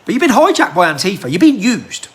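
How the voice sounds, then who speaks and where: A man's voice: high-pitched, huge pitch swings, quick pace, fairly bright tone. A man, delivering a heated rant full of rhetorical questions into a handheld phone. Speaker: political commentator. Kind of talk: impassioned monologue to camera.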